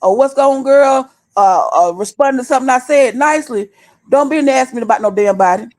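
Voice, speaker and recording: Aave-talking woman going off at her stream chat, cussing, high voice. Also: expressive, quick pace, darkish tone. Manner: blunt, profane, scolding. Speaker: livestream host. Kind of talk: heated livestream rant. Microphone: desktop stream mic.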